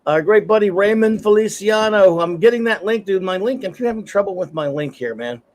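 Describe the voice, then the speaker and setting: A man's voice: high-pitched, lively intonation, a little fast. A man hosting a casual livestream panel from his home computer, easygoing and chatty, calling his guests buddy. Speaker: livestream host.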